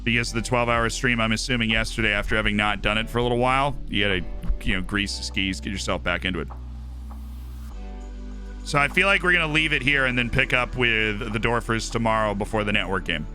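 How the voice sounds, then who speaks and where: A man chats through a livestream of his game with a sharp, bright edge to his voice. He sounds a bit worn out, his voice fraying after long hours, yet he stays upbeat and thanks viewers by name. Faint music plays behind him. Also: on the low side, fast. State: tired, voice starting to go. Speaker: streamer. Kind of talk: casual game livestream commentary.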